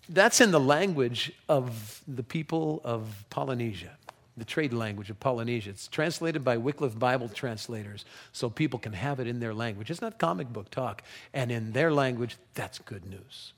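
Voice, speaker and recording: A pastor preaching a sermon, telling the story with animation and reading scripture passages aloud. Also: male voice, medium pitch, expressive, moderate pace.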